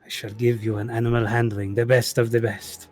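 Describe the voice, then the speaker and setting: A man's voice: medium pitch, little pitch movement, fairly quick, darkish tone, faint music behind, natural voice. A man playing a courtly peace-loving bard. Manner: formal archaic speech, old-fashioned and courtly. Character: theatrical male bard, gentle and peace-loving. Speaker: player.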